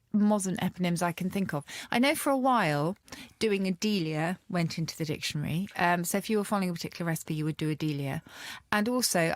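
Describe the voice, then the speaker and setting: A woman's voice: fairly low pitch, no echo, clean studio sound. A woman co-hosting a podcast, explaining word histories in a thoughtful, chatty way. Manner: thoughtful, explanatory, with many fillers. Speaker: podcast co-host, lexicographer. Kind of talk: casual chat.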